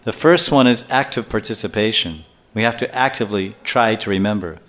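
An older man giving a scripture class lecture as a spiritual teacher, telling stories in a lively way and acting out little scenes. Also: lowish voice, fairly quick. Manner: animated storyteller who acts out scenes and chuckles often.

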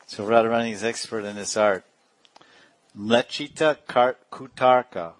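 A man's voice: mid-range voice, normal speed, no room sound. A man giving a devotional discourse as a spiritual teacher, talking in a digressive way and chuckling often.

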